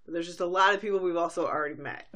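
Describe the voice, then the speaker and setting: A woman's voice: lowish voice, rapid-fire, bright, forceful tone. A woman co-hosting a podcast, recapping a cartoon episode in chatty storytelling, now and then acting out quotes. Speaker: podcast co-host.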